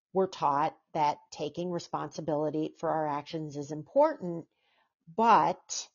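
A woman's voice: low-pitched, darkish tone. A woman hosting a podcast and interviewing her guest in an eager, enthusiastic, affirming way. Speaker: podcast host. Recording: dull lo-fi sound.

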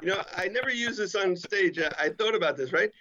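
A chatty man spins comic stories and acts out the people in them. His voice sits a little high, and the audio is dull and lo-fi. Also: brisk, a crowd in the background. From New Jersey. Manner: animated, joking, acts out quoted voices. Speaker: guest comedian. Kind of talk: storytelling interview talk.

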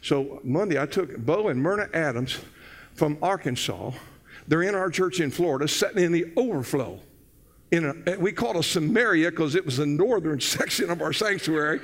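Older male pastor, high-voiced, excitable storyteller. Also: moderate pace. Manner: excitable, loud bursts, folksy storytelling. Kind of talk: sermon.

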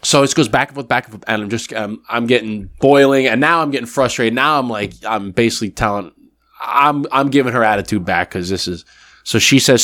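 A podcast co-host tells a story in casual chat, acting out both sides of a phone call. His mid-range voice is a bit bright and brisk, recorded at studio quality with no room sound.

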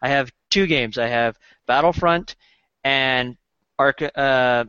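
A man's voice: medium pitch, slow pace, sharp tone, clean tone, dry recording, highs cut off. A man hosting a casual podcast chat, hesitant and often repeating words. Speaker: podcast host.

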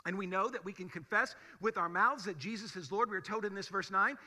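A man's voice: high-pitched, animated, moderate pace, hardly any pauses, bright, forceful tone. A male pastor delivering a conversational, emphatic sermon full of rhetorical questions in a large church sanctuary. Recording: long hall reverb of a church.

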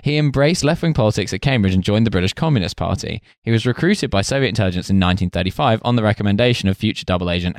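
A man's voice: low-pitched, no room sound, clean studio sound. A man co-hosting a casual comedy history podcast, reading from notes and breaking off into jokey asides. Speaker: podcast co-host.

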